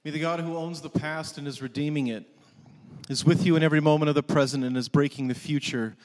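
A man speaking a benediction in a steady, measured way. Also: a little high. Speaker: minister giving a benediction. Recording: long reverb, distant from the mic.

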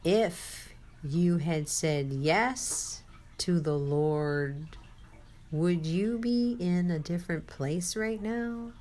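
A woman's voice: on the low side, extremely slow, a little mellow. A woman giving a sermon-style testimony, telling a personal story with quoted dialogue and speaking to the listener.

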